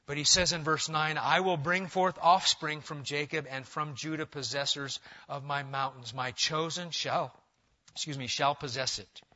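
A man preaching an expository sermon as a pastor, swinging between loud urging and quiet intensity. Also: a little high, lo-fi sound.

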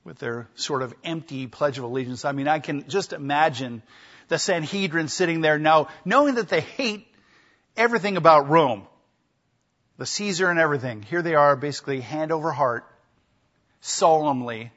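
Husky-voiced man preaching a sermon. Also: fairly high pitch, normal speed, a bit bright, lo-fi sound. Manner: emphatic, acts out quoted speech. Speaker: pastor. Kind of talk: expository sermon.

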